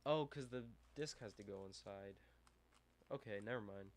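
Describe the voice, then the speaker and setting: A man's voice: on the low side, moderate pace. Mumbling man streaming a model build. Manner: mumbling self-talk, self-deprecating, trailing off. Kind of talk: casual live-stream chatter while building a model kit. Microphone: desk microphone with low gain. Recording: faint hum and buzz behind.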